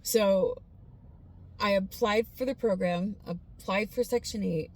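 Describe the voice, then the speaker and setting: In a mid-range voice, a woman shares her personal faith testimony, casual yet earnest and heartfelt. She pauses often and leans on filler words.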